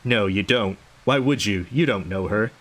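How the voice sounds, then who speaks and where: A man's voice: fairly low pitch, moderate pace, a bit bright. A man reading out the lines of an unhinged, sleepless male doctor in a game, rambling and swearing. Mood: muttering. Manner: rambling, swearing, paranoid muttering. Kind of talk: reading game dialogue aloud.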